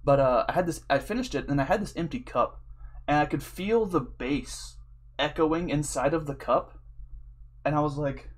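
A man's voice: fairly high pitch, normal speed. A young man telling a rambling, profane, jokey story while he commentates a game, throwing in "dude" and "you know" all the time. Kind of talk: casual storytelling over gameplay.

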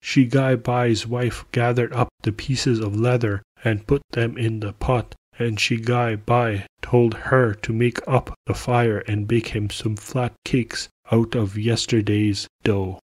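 A male storyteller reading a folk tale in an unhurried, measured manner. His voice is a touch husky and the recording is close and dry, without room sound. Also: mid-range voice, flat delivery, a little mellow, dry recording. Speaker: podcast storyteller. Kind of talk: read-aloud folk tale narration.

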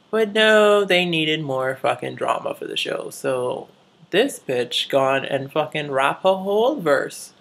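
A woman's voice: deep voice, animated, slow pace, creaky. A woman vlogger chatting casually while recapping TV shows, swearing freely and laughing often.

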